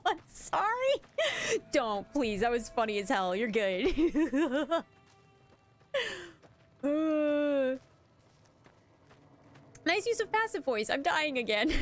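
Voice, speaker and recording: A woman streamer chatting casually over her gameplay. She is playful and sarcastic and laughs often. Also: high-pitched. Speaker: streamer playing a video game.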